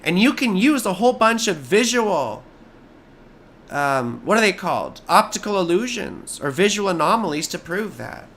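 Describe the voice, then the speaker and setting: A hoarse American man doing a live astrology chart reading, rambling and easily sidetracked, with jokey asides. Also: high voice, very animated, moderate pace, fairly bright tone, slight background noise.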